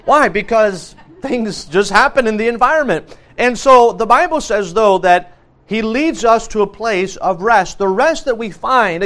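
A man's voice: high-pitched, fairly bright tone. A man preaching a sermon, earnest, repeating key phrases with frequent restarts and fillers.

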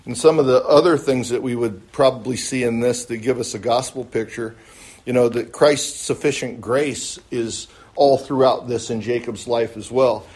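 A man teaching a Bible study class, pausing often with fillers and restarts, and answering questions politely. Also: medium pitch, fairly even intonation, a little mellow, breathy edge. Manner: halting, many fillers and restarts; polite, answers with "yes, ma'am".

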